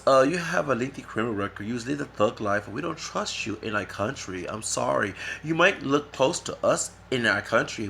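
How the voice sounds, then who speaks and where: Guy doing a put-on english accent as a strict, dismissive border official, gravelly and edgy, scolding the whole time. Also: medium pitch, a bit bright, a little hiss or hum. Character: stern English immigration official turning someone away.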